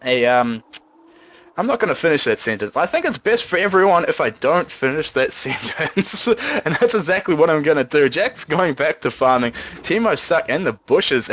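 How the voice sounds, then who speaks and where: A young man doing solo play-by-play commentary on a video game, joking and rambling, his voice jumping up when the action heats up. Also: moderate pace. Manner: jokey, rambling, pitch leaps up when excited.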